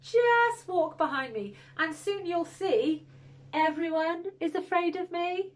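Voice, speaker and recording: A woman's voice: very high voice, expressive, slow, voice pushed up, full character voice. A woman voicing a small, clever male mouse from a storybook, chirpy and boastful.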